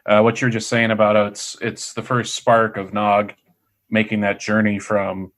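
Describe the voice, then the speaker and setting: A man co-hosting a podcast in casual chat, easygoing and relaxed. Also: on the low side, normal speed. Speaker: podcast co-host.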